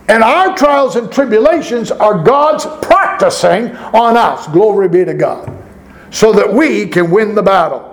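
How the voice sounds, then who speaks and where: A man's voice: high-pitched, animated, a little slow, poor audio. A man pastor preaching a sermon, reading scripture aloud and asking the congregation rhetorical questions.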